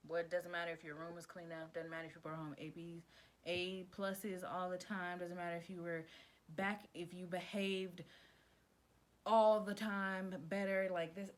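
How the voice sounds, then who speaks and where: A woman vlogger with a lowish voice talks casually to the camera, offering advice in a chatty, emphatic manner and calling the viewer "girl" and "babe." She glances down at written notes, and the recording sounds rough.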